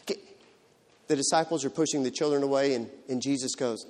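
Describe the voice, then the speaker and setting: A man preaching a sermon in a dramatic way, swinging from loud to hushed. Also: mid-range voice, normal speed. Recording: long hall reverb.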